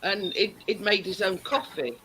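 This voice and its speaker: A woman's voice: mid-range voice, moderate pace, fairly bright tone, a little hiss or hum, poor audio. A woman, hosting a casual chat and telling stories with frequent laughs. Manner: chatty storyteller, laughs often. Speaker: host.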